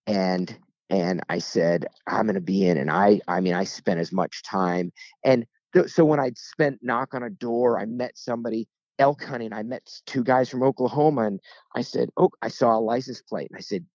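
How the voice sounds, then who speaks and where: A man, a guest turkey hunter, telling stories in a casual interview with lively, joking delivery. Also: on the low side, normal speed, no room sound, highs cut off. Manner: lively, joking, acts out voices in anecdotes.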